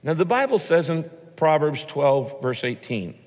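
Animated pastor preaching in a hall. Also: male voice, on the high side, a little slow. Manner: punchy rhymes and mock quotes, animated. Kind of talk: sermon.

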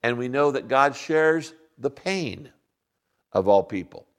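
A man preaching a sermon as pastor, earnest, slowing down to stress key lines. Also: medium pitch, lively intonation. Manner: earnest preaching, slows down for emphasis.

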